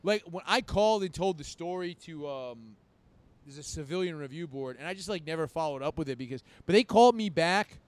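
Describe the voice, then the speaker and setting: A man's voice: fairly high pitch, a little fast. A man in his thirties telling a drunken story in casual chat, swearing freely and acting out both sides of the talk. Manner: profane, animated storyteller acting out his own quotes.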